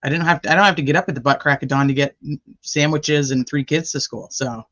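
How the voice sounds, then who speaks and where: A woman's voice: low-pitched, fast, a bit bright. Woman, live-stream host, rambling casual chat, greets viewers, muffled lo-fi audio. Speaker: livestream host.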